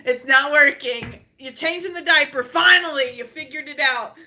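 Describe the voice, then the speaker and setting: High-voiced bright young woman co-host. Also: normal speed. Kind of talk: casual chat.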